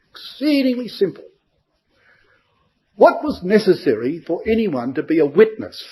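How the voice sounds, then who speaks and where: A man's voice: high voice, darkish tone, slightly rough, low-quality recording. A man giving a verse-by-verse Bible study to a congregation, emphatic and full of rhetorical questions.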